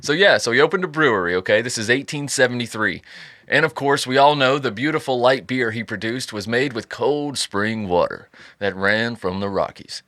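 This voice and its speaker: Lively, bright-voiced joking man. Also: mid-range voice, normal speed, dry recording, clean studio sound. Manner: profane, joking storyteller. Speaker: podcast host. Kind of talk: casual chat.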